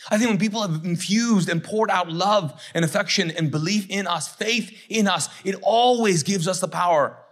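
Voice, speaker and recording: A middle-aged man preaching a sermon as pastor, conversational and joking, acting out quick voices of others. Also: high voice, fairly bright tone.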